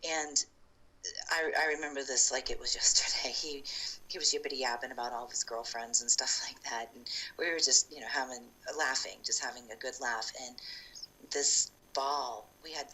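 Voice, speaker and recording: Low-voiced woman with a bright, forceful tone; chatty interview storyteller from Ohio. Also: low-quality recording. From Ohio, USA. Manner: chatty and animated, acts out past dialogue; frequent fillers and restarts, laughs while telling. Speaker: former homeowner telling her story. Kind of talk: casual spoken storytelling interview.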